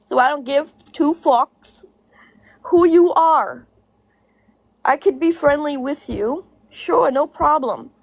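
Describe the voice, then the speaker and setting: Slow and creaky, this woman's high voice comes through with no room sound. She's a social media commentator in a casual vlog rant, swearing bluntly, restating points for emphasis, and laughing between them.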